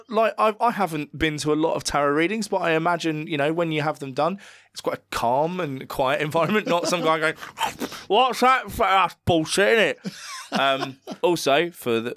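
A man's voice: fairly high pitch, dry recording, clean studio sound. Sweary man recapping a film. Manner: sweary, laughing, recaps scenes. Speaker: podcast co-host. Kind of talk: casual film-review chat.

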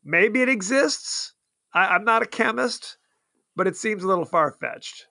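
A man's voice: sits high, animated, unhurried, gravelly, sharp tone, no echo, clean studio sound. A man co-hosting a podcast, chatting casually in a playful, mock-dramatic way. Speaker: podcast co-host. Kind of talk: casual chat.

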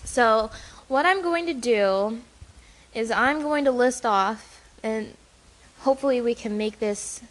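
A woman with a fairly high voice co-hosts a casual talk show from a caregiver's perspective, speaking slowly on a rough recording. She's earnest and quick to laugh, even while chatting through a hard subject.

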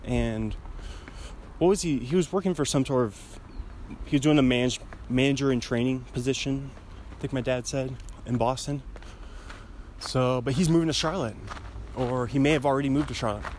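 A man's voice: medium pitch, moderate pace, darkish tone. A young man chatting casually in a rambling, self-amused way while sitting in his car at an intersection. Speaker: vlogger. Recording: street traffic noise behind.

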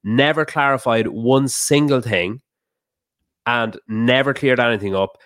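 A man talking as a podcast guest, telling a heated story fast and swearing often. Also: mid-range voice, a bit bright, no echo, studio quality. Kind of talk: casual podcast chat.

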